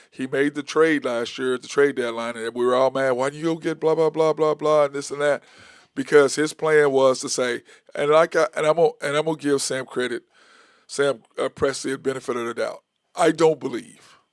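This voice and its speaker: Recorded dry and up close with no room sound, a sports talk show host riffs through his opinions in a mid-range voice that's gravelly and fry-tinged. His delivery is loose and casual, full of rambling, restarts and stats counted aloud.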